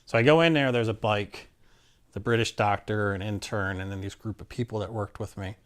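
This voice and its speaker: Lowish-voiced man telling a story. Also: brisk. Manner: animated, acts out quoted voices, many fillers and restarts. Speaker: interviewee telling his story. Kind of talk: casual personal storytelling.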